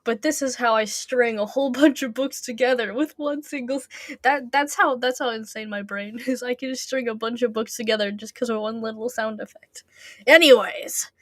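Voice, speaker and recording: A woman's voice: a little high, no echo, studio quality. A woman reading a fan novel aloud with casual asides, giggling often and tripping over her words. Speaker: audiobook reader.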